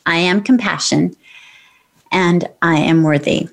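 A woman's voice: fairly low pitch, slow pace, gravelly. A middle-aged woman hosting a radio talk show, upbeat and affirming in a spiritual, encouraging way. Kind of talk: casual interview chat.

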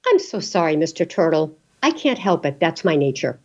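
A woman's voice: low voice, big pitch swings, moderate pace, a little mellow, lo-fi sound, heavily acted. A woman doing a coaxing fable snake. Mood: apologetic.

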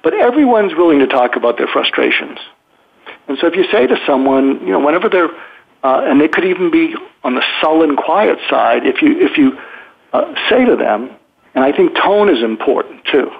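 A man's voice: a little high, animated, normal speed, gravelly, husky. A man hosting a podcast, explaining communication techniques in a thoughtful way and acting out example phrases. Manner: thoughtful, frequent restarts, acts out example phrases. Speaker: podcast host, psychiatrist. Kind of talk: conversational advice talk. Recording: phone-line sound.

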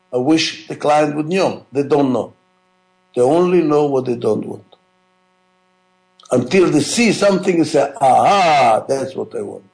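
A man's voice: fairly high pitch, a little slow, pauses often, a little mellow, echoey room, poor audio. A man giving a management lecture, emphatic and repetitive, often asking rhetorical questions. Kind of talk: classroom lecture.

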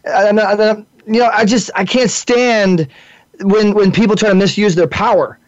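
A man hosting a podcast interview, talking in an animated way with lots of stammered restarts and repeated words. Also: high-pitched, a little slow. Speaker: podcast host. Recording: dull lo-fi audio, dry.

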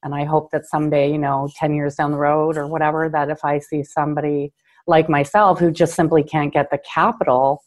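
Low-voiced Canadian woman, earnest storyteller. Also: flat delivery, fairly quick. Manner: earnest, gets choked up, many fillers. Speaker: guest, car dealership owner. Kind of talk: interview storytelling.

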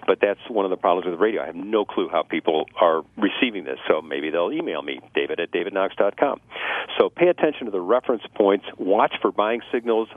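Male sales trainer guest, quick and animated, acts out customer voices, somewhat low voice, tinny phone-line radio sound. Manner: lively, acts out customer dialogue, laughs at own jokes. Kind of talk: radio talk giving sales tips.

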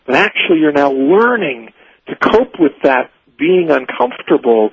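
A middle-aged man appears as a guest speaker on a radio show, talking about leadership. His voice sits on the high side and sounds husky, and he lays out his ideas earnestly, one numbered point at a time. The broadcast audio is muffled and dry, with no echo.

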